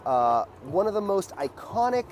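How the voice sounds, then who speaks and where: A man teaching a dance lesson in a loose, casual way, with many fillers and beat sounds like "boom.". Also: sing-song, moderate pace, a little mellow, a little hiss or hum.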